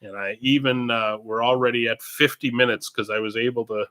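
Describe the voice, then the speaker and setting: A man's voice: mid-range voice, fairly even intonation, a little fast, pushed and bright. A man, a parish priest, hosting a casual livestream Q&A from a room at home, talking in a chatty, meandering way. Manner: chatty and meandering, drifting between topics. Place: indoors at home, own room. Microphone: computer streaming setup.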